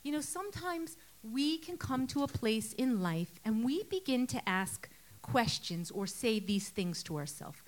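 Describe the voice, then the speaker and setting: A woman's voice: on the high side, sing-song, measured pace. A woman preaching a sermon in an earnest, conversational way, often asking rhetorical questions.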